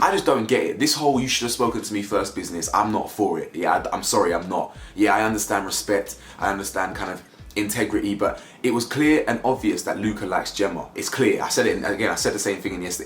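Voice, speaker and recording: A young man talks through a reality show in a casual vlog, full of slang and rhetorical questions. His voice sits a little low. The room is echoey, with faint music playing underneath.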